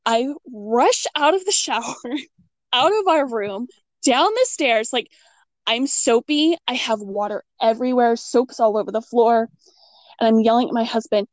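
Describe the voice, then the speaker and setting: A middle-aged woman telling a ghost story in casual chat, acting out her own quotes with big jumps in pitch. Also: moderate pace, no room sound.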